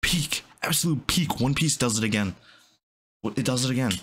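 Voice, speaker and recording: A young man giving excited, breathless reaction commentary, stumbling over his words. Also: medium pitch, normal speed, slight background noise. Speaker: anime reaction YouTuber.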